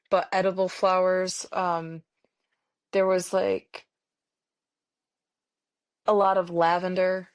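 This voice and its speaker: An American woman hosting a podcast, chatting casually with lots of fillers like um and like. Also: fairly low pitch. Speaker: podcast host. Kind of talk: casual conversation.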